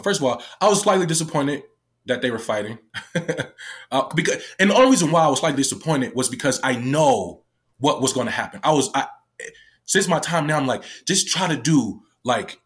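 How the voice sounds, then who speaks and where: Man telling a story, loose and profane. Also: medium pitch. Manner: loose, profane, full of "like" fillers. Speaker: youth worker. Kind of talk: casual storytelling.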